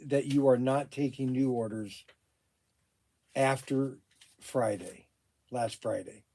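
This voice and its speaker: Brief: exasperated middle-aged shop owner on phone. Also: male voice, mid-range voice. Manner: exclaims in loud disbelief, repeats himself. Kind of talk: phone calls during a work livestream. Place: his toy shop.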